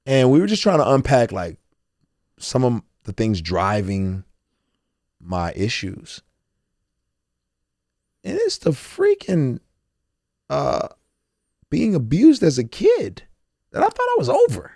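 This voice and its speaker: In a dry, studio-quality recording, a man with a medium-pitched, darkish voice speaks slowly, his pitch swooping wildly, with vocal fry and long pauses. He's a rapper guesting on a podcast, candid and emotional, quoting what he thought and looping back with repeated words and restarted phrases.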